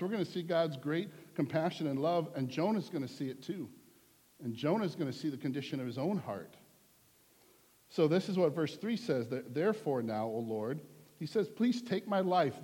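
Man, pastor, sermon, earnest, conversational, mellow tone, echoing church hall. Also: fairly high pitch, lively intonation, normal speed, slightly rough. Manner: conversational and earnest, repeats for emphasis. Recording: long hall reverb.

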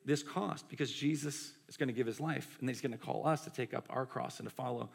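A man's voice: mid-range voice, fairly quick, vocal fry, breathy edge. A man in his forties preaching a sermon in a conversational way, often acting out quoted lines. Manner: conversational, acts out quotes in voices. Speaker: pastor.

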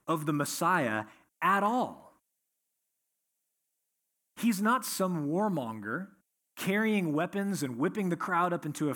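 A man delivers an expository sermon with a slightly raised pitch and a lively, rising-and-falling delivery. His voice carries a faint husky edge as he reads scripture and unpacks it for the congregation. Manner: expository preaching, reading scripture then explaining. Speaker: pastor.

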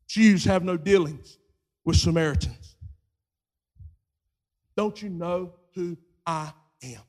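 A male preacher with a high, light voice delivering a sermon. He swings from hushed storytelling up to shouted, fervent preaching, and acts out the voices of the people in his story. His pitch sits well above most men.

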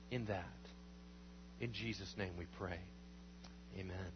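A man preaching as a pastor, praying over communion and reading scripture aloud, rising loud and high on emphatic lines and dropping to low murmurs. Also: steady tone, a little slow. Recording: slightly dull recording with faint hum.

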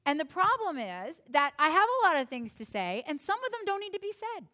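An American pastor gives a sermon in a high, bright voice, a little fast. She's expressive and playful, slipping in wry self-deprecating asides and acting out little quoted exchanges.

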